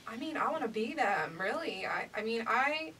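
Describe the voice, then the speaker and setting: A woman's voice: on the high side, lively intonation, moderate pace, sharp tone, far from the mic, a little hiss or hum, low-quality recording. A young woman singer-songwriter, a guest on a radio show, talking casually and giggling, with lots of "like" and "you know". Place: radio studio.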